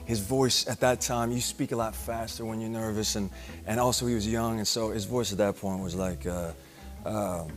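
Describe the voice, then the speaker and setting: A man telling a halting anecdote in an interview, full of fillers. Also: fairly low pitch, steady tone, soft background music.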